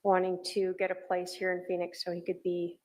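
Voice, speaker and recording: A woman questioning a witness in a courtroom in a gentle, measured way. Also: fairly low pitch, monotone. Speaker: trial attorney.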